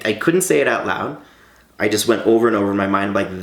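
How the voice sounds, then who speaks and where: A man's voice: on the low side, lively intonation, fast, a bit bright, reverberant. A man in his late thirties who vlogs. He tells a personal story in a candid, heartfelt way. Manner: candid and heartfelt, with light laughs. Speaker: vlogger.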